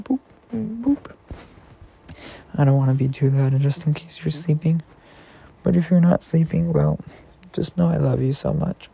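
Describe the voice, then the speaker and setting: A man talking softly and affectionately to a partner and reading a children's storybook aloud at bedtime. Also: a little high, gravelly, a little hiss or hum. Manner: gentle, affectionate, slow reading.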